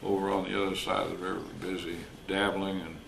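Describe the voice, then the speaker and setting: A man's voice: low-pitched, flat delivery, fast talker, vocal fry, a bit bright. Older man, retired wildlife officer, storytelling interview, roomy recording with faint hiss. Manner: folksy, anecdotal, acts out quoted dialogue.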